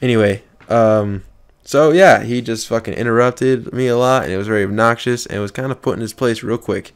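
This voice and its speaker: A man's voice: medium pitch, a little fast, clean tone. A young man telling a story from an online game in a casual, profane vlog. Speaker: gaming video creator.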